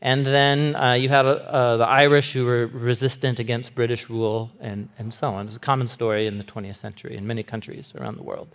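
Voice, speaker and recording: A man in his thirties preaching a sermon to a live audience, animated, laughing often and acting out characters' lines. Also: mid-range voice, a little fast, few pauses. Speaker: pastor.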